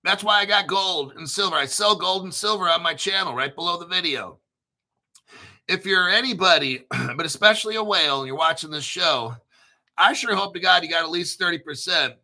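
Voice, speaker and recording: Sharp, bright-voiced man ranting on camera. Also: sits high. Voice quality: frequent throat clearing. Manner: emphatic, repetitive, rambling, profane. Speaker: crypto channel host. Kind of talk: casual video monologue.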